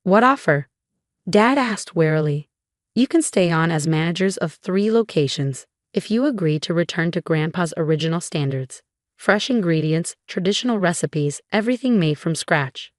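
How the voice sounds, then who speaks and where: A woman narrating a first-person family drama story, reading every character's lines in the same steady storytelling voice. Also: fairly low pitch, moderate pace, dry recording, clean studio sound.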